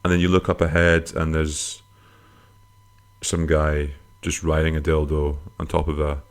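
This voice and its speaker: A man hosting a casual comic podcast, rambling through listener questions with crude, self-mocking humor and sudden squeaky jokey swings. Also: flat delivery, a little slow.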